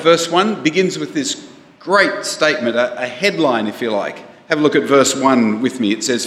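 A man's voice: mid-range voice, normal speed, fairly bright tone. A man preaching a sermon in a conversational way, asking the congregation questions, recorded for a live stream. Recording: echoey hall, live stream.

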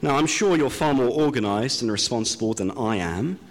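A man from Britain preaching a sermon, telling a self-deprecating story with slow, drawn-out pauses. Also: mid-range voice, animated. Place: church hall. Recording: long hall reverb.

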